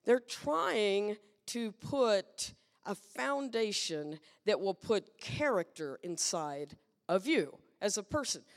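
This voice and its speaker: A woman guest preacher giving a lively, playful sermon and asking the congregation questions. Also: mid-range voice, slow pace, big-room sound. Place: church sanctuary.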